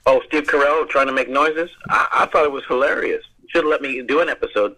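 A bright, husky American man telling stories as an interview guest. He rambles, stumbles over repeated words and laughs often. His pitch sits in the middle. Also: fast, few pauses, low-quality recording. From United States. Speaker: guest actor. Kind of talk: casual interview storytelling.

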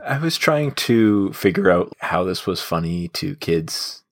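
Deep gravelly husky man. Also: expressive, unhurried. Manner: sarcastic, rambling. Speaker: podcast co-host. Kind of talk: casual chat.

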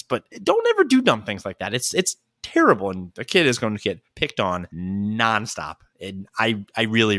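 Animated man telling stories on a podcast. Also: dry recording. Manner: animated storytelling, jumps into high squeaky voices for quoted people. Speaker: podcast host. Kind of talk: solo comedic podcast monologue.

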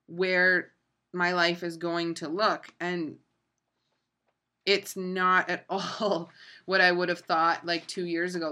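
Young woman podcast host, casual and earnest, swears a lot, lowish pitch but bright tone, rambles with filler words. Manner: earnest, profane, lots of fillers. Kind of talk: motivational podcast monologue.

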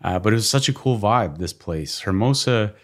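A man as a podcast guest, telling stories in a casual, animated way, often laughing and imitating people. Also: on the low side, normal speed. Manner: laughing, animated storyteller who mimics people. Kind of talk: casual storytelling.

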